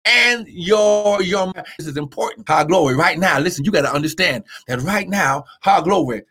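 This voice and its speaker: A man preaching a live-streamed sermon with fervent drive, his voice high and bright. He keeps calling out refrains and greets his online viewers by name. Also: expressive, moderate pace, husky. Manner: fervent, repeats "how glory" and "come on now".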